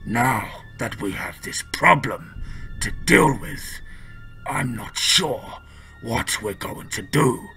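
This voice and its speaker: A man voicing a sinister, mocking captor who speaks slowly and dryly in a half-whisper, with faint music behind. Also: medium pitch, sing-song, creaky, pushed and bright, full character voice. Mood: menacing. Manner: slow, dry, half-whispered menace.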